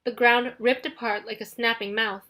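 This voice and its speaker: A woman narrating an audiobook in the first person, in a steady, dramatic storytelling manner. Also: on the high side, normal speed.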